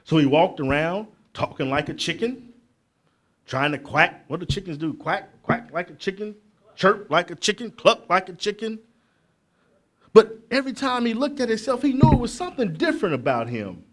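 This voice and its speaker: A middle-aged man, giving a motivational speech to young people at a conference, preacherly and building to loud emphatic peaks with asides to the crowd. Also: high voice, big pitch swings, normal speed. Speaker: motivational speaker. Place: conference hall.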